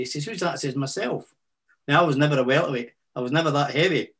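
A man in his sixties with a Fife Scottish accent, telling army boxing stories as a guest in a casual interview, with halting restarts and broad Scots words. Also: a little high, expressive, a bit bright, slightly rough. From Scotland.

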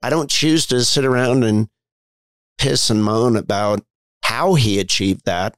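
A middle-aged man speaks frankly in a conversational, storytelling way, at a middling pitch for a man. He is talking through his recovery as a podcast guest. The sound is dry and close, with no room around it. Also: a little slow, dry recording. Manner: frank, conversational storyteller acting out quoted dialogue. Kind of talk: candid storytelling interview.

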